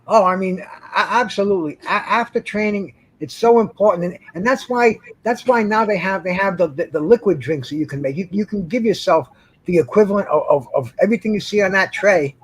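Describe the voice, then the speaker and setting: A man's voice: high-pitched, a little fast, slightly rough, low-quality recording. A man speaking as a panelist in a casual group chat over a video call, who often repeats words and restarts his sentences. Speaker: guest panelist.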